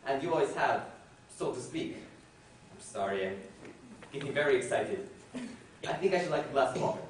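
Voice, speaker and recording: A man acting a nervous, excitable suitor of thirty-five on stage, flustered, stammering and overly formal. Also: mid-range voice, a little fast, natural voice. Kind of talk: amateur stage play. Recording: echoey hall from far off, faint noise.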